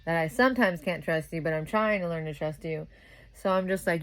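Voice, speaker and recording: A sleep-deprived young new mother rants to the camera in a casual, profane monologue. Her voice sits a little low, and she keeps swearing as she gets heated. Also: brisk. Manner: profane, ranting, grows louder and heated. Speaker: vlogger.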